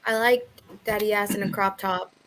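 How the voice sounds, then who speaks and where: A woman's voice: medium pitch, fairly even intonation, moderate pace, a bit bright, rough recording. Woman panelist, laid-back and hesitant, light background hiss. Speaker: podcast guest panelist. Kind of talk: casual podcast chat.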